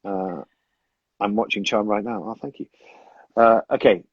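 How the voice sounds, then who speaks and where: A man's voice: on the low side, steady tone, unhurried, slightly rough, no room sound. A man, an actor, chatting casually on a phone livestream, rambling and hesitant as he answers fan questions. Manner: rambling, hesitant, self-interrupting. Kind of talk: casual live-stream chat. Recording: dull lo-fi phone audio.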